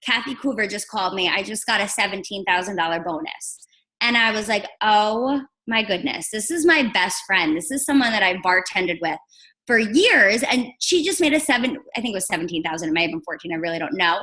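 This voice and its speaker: A young woman from New Jersey tells her story on a team call, animated and chatty. Her voice is bright and forward. She sits at a middle pitch for a woman. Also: a little fast, poor audio. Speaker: guest on a team training call. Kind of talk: casual storytelling.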